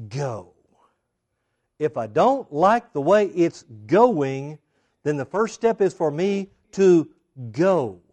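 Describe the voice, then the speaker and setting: Guy preaching a sermon, really animated, voice jumps all over, bit high. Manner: animated, acts out quoted voices with big swings in pitch and loudness. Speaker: pastor.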